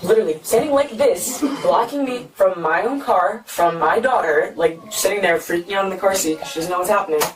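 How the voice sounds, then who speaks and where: Young woman on noisy distant bodycam audio. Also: medium pitch. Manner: fast, repeats "like", acts out quotes. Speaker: woman questioned by police. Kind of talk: retelling events to an officer. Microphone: police bodycam.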